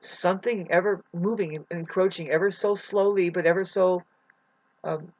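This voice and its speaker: A vlogger rambles through an unscripted monologue into a computer mic, restarting often and swinging between mumbling and loud outbursts. The voice is medium-pitched and steady at a moderate pace, with no echo.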